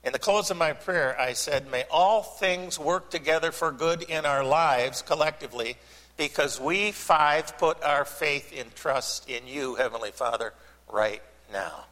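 Folksy pastor preaching in a church; bright, raised voice with a lingering hall reverb. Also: male voice, a little high. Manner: folksy, joking, with long pauses. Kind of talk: sermon. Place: church sanctuary.

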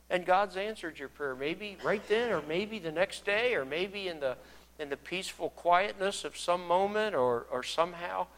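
A man's voice: on the high side, a bit bright. A man preaching a sermon in an earnest way, acting out the pleas of biblical figures. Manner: earnest, acts out biblical speakers with rising emotion. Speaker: pastor.

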